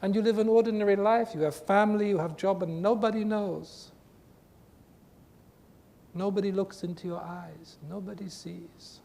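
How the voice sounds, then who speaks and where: A man giving an earnest spiritual talk to a group, with emphatic, repetitive phrasing, recorded in a reverberant hall with a faint rumble. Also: steady tone, normal speed, vocal fry, dark tone. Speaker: spiritual teacher.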